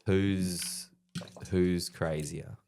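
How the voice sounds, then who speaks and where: Low-voiced Australian man telling profane stories. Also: very slow. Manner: animated, profane, laughs through his anecdotes. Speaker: guest, stand-up comedian and army veteran. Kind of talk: casual podcast storytelling.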